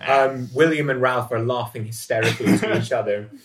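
Relaxed game master narrating, roomy echo. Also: male voice, mid-range voice, fairly quick, noisy background. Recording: roomy, distant mic.

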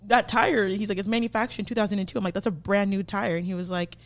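A young woman who hosts a podcast tells a story in casual, profane chat, speaking fast in a mid-range voice. She's animated and acts out what people said.

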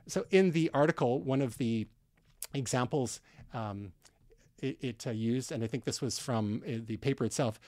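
A man's voice: medium pitch, moderate pace, darkish tone, no room sound, clean studio sound. A man from Canada co-hosting a tech podcast, explaining news in a casual, conversational way with fillers and restarts. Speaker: podcast co-host.

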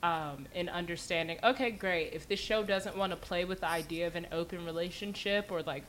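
Woman musing on a podcast, lowish voice, slight background hiss. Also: fairly quick, fairly bright tone. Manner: thoughtful, hesitant, many fillers and self-corrections. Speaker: podcast co-host. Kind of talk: casual chat. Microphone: video call.

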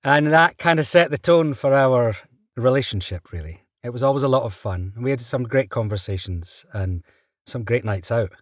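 A man, an actor guest, telling stories in a relaxed interview, chatty and quick to laugh. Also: mid-range voice, dry recording, clean studio sound. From Britain. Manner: chatty, laughs often, restarts mid-sentence.

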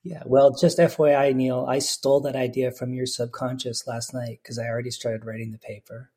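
A man's voice: mid-range voice, flat delivery, brisk, darkish tone. A man hosting a podcast, friendly and upbeat in a casual chat. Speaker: podcast host. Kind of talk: casual conversation.

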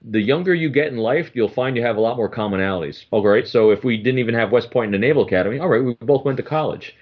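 A man's voice: medium pitch, quick pace, breathy edge. An earnest middle-aged man with a mid-range voice explains his ideas, restarting his sentences as he goes. The sound is dull and slightly lo-fi. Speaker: guest, former FBI agent. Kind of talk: conversational interview.

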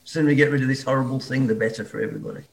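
Guy on a remote call, relaxed jokey podcast chat, mid pitch. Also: racing, vocal fry. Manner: jokey, easygoing banter. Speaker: guest actor. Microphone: remote call from abroad.

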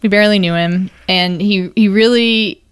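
A woman's voice: mid-range voice, steady tone, moderate pace, clean tone. A woman co-hosting a podcast in casual chat, thoughtful, often restarting her sentences and laughing easily. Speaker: podcast co-host.

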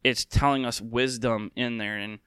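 A man's voice: medium pitch, fairly even intonation, normal speed, fairly bright tone, clean tone, no echo, clean studio sound. A young adult man hosting a podcast, talking candidly and from the heart, with many fillers and restarts. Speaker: podcast host. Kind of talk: casual personal talk.

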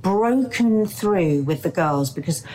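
A woman's voice: on the low side, animated, slow pace, warm tone, rough recording. A middle-aged woman with a South London accent, co-hosting a podcast in frank, emphatic casual chat. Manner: frank, emphatic, talks in restarts. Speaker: podcast co-host.

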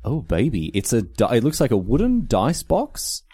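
A man's voice: medium pitch, huge pitch swings, dark tone, breathy edge, no room sound. A man hosting a podcast, joking and bantering with his co-host in casual chat. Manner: jokey, quick back-and-forth banter.

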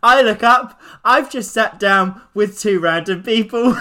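A man, co-hosting a casual podcast chat and telling a funny story animatedly, laughing as he goes. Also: sits high. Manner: animated, laughs through his story, acts out quoted lines. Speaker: podcast co-host.

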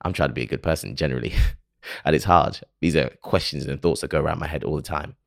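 Very deep, gravelly man musing earnestly. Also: quick pace, no echo, studio quality. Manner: earnest, emotional, self-questioning. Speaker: podcast host. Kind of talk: reflective solo monologue.

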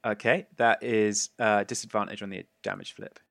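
A man's voice: on the low side, fairly even intonation, moderate pace, creaky, fairly bright tone, no room sound, studio quality. Gleeful man running a gory tabletop game. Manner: gleeful, gory narration with frequent fillers and laughs. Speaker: game master.

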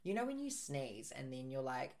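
A man's voice: mid-range voice, wildly swooping pitch, moderate pace. A man co-hosting a podcast in casual chat, playful and teasing. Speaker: podcast co-host.

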